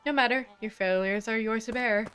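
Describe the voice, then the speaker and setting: A woman's voice: on the high side, a bit bright, lightly acted. A woman doing a cold condescending villain man. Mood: icy contempt. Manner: icy, condescending, drawn-out threats. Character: cold menacing male villain boss. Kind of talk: game dialogue read aloud.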